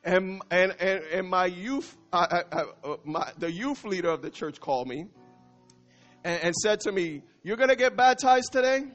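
A man preaching a passionate sermon as pastor, swinging between loud and hushed and dropping in Spanish phrases. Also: high voice, normal speed, soft background music.

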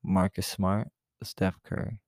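Playful man with a gravelly voice. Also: sits low, level tone, takes it slowly, no room sound, studio quality. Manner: playful, acts out quoted voices. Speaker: podcast co-host. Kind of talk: casual chat.

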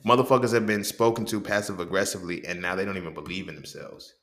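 Low-voiced man in an echoey room, swearing a lot. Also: fast talker. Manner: animated, profane, repeats "you feel me". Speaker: podcast host. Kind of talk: casual monologue.

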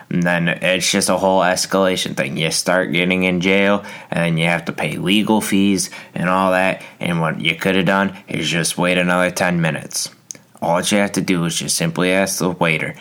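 A man's voice: deep voice, moderate pace, a bit bright. A young man hosting a solo podcast, rambling through a casual rant with lots of fillers and restarts. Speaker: podcast host.

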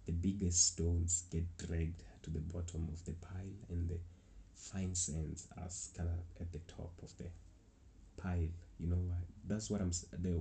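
Young man, low and gravelly, casual rambling vlogger; faint keyboard clicks behind. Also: dark tone, slight background noise. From South Africa. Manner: rambling, with many restarts and acted-out quotes. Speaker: travel vlogger. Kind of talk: casual travel story.

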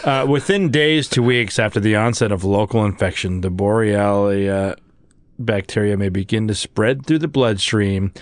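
A man's voice: fairly low pitch, no echo. A man guesting on a podcast, chatting casually and stumbling as he reads medical text aloud. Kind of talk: casual chat.

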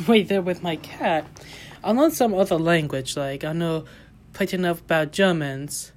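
A woman from the United States hosting her own casual solo podcast, her voice sitting a little low. She talks in a loose, wandering way, stopping and restarting, with bent grammar and plenty of fillers. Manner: rambling and halting, with loose grammar and frequent fillers. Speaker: podcast host.

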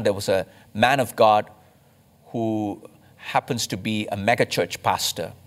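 A man from India, a pastor, preaching a sermon with emphatic rises and slow, stressed phrases. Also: fairly low pitch.

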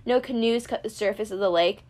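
A woman's voice: mid-range voice, brisk, darkish tone. Woman narrating an audiobook. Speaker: audiobook reader. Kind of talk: first-person audiobook narration.

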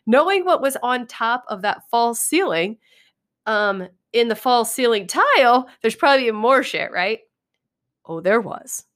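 A woman's voice: on the high side, a bit bright. A middle-aged woman hosting a podcast, telling a funny story in casual chat, swearing freely and laughing often. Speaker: podcast host.

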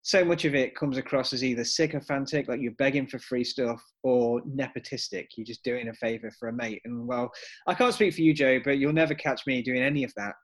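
A man co-hosting a satirical podcast, talking in a dry, wry, deadpan way. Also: medium pitch, brisk. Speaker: podcast co-host.

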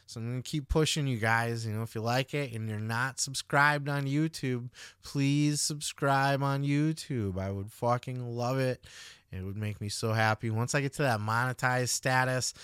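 A man's voice: medium pitch, clear, resonant tone, no echo, clean studio sound. A man in his thirties hosting a podcast, rambling loosely through his sign-off and swearing casually. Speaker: podcast host.

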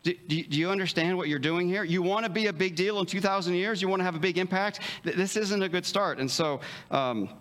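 A man's voice: sits high, a bit bright. A male pastor preaching a casual, joking sermon, full of restarts and acted-out bits of dialogue. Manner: conversational, joking, with many restarts and stammers; acts out quick dialogue in livelier voices.

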